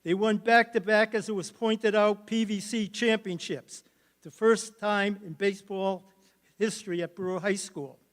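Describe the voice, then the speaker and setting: An older man, a former coach, giving a halting, emotional speech at a hall of fame induction ceremony. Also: sits high, fairly even intonation.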